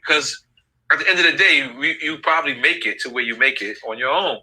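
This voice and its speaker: A man being interviewed who tells a story in a relaxed, halting way and often repeats himself. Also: medium pitch, husky, rough recording. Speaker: interview guest.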